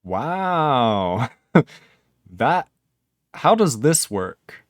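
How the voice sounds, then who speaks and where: A man's voice: medium pitch, sing-song, extremely slow, no echo, studio quality. A man live-streaming his programming work, thinking aloud in casual talk, chuckling often and chatting with his viewers.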